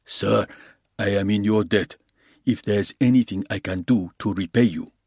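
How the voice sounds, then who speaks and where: A man doing a soft-spoken, humble porter. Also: lowish voice, normal speed, slightly rough, dry recording, clean studio sound. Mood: deferential. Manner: soft, deferential.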